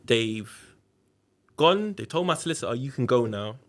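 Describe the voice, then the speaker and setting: A man's voice: medium pitch, animated, normal speed, a bit bright. A man tells a long story on a podcast. He talks in a casual, slangy way and leans into it. He jumps into the voices of everyone he quotes. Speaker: podcast guest.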